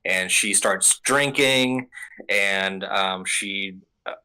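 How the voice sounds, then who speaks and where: A man's voice: deep voice, drawn-out words, pushed and bright, smooth, low-quality recording. Rambling, casual young man recapping. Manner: rambling, casual, profane, many fillers. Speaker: podcast host.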